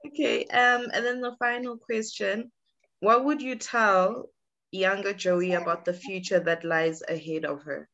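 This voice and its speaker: A woman's voice: mid-range voice, fairly even intonation, measured pace, creaky, fairly bright tone, dull audio. A woman hosting a podcast, asking questions in a casual, encouraging way and laughing often. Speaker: podcast host. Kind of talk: casual interview chat.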